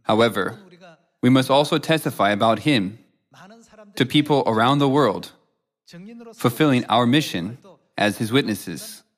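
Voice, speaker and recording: A man preaching in a measured, solemn read-aloud style, quoting scripture between his points. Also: medium pitch. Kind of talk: scripted sermon narration.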